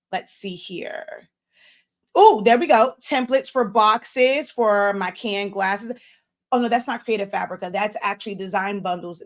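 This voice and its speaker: A woman hosting a casual live stream for crafters, chatting loosely and reading viewer comments aloud while chewing gum. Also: medium pitch. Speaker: livestream host for crafters.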